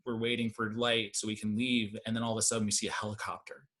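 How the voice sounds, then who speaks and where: A man performing a stand-up comedy set, rambling with deadpan asides that climb into loud rants. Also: on the low side, quick pace.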